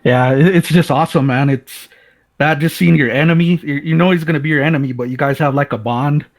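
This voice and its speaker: A man's voice: fairly high pitch, fairly quick. Laid-back man who keeps saying "man". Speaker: co-host. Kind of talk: casual film discussion.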